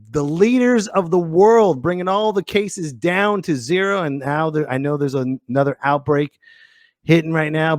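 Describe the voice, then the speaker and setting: A man's voice: a little high, no room sound, studio quality. Goofy rambling podcast host man. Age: 30s. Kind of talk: casual comedic monologue.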